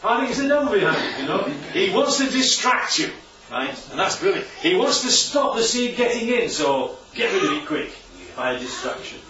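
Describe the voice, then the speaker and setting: A man's voice: high voice, big pitch swings, moderate pace, noisy background. A man teaching the Bible to a small church group, asking them questions and joking as he goes. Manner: asks the audience questions constantly; jokey asides. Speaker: preacher. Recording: roomy, distant, dull lo-fi room recording.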